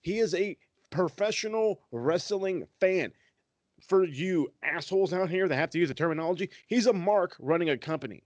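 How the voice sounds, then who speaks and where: A man's voice: high-pitched, expressive, normal speed, dry recording. A man co-hosting a wrestling podcast, ranting in a heated, profane, sarcastic way. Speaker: podcast co-host.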